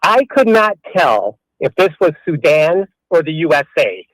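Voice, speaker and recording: A man's voice: on the high side, very animated, unhurried, few pauses, a bit bright, no echo. A man calling into a radio show, mocking and sarcastic in tone, heard over a phone line. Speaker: caller. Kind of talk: sarcastic call-in phone talk.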